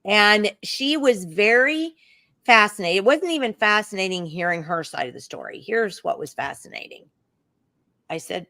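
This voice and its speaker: A middle-aged woman with an Oklahoma accent, co-hosting a talk show and telling a long travel story in an animated, chatty way. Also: mid-range voice, moderate pace, no echo, clean studio sound. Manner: animated storyteller, puts on voices for quoted people. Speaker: co-host.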